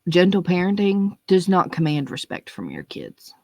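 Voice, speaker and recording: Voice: mid-range voice, huge pitch swings, moderate pace, vocal fry, warm tone, no room sound. Blunt, profane young adult ranting. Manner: blunt, profane, emphatic, repeats words when stressing a point. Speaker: monologue speaker. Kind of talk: unscripted ranting monologue.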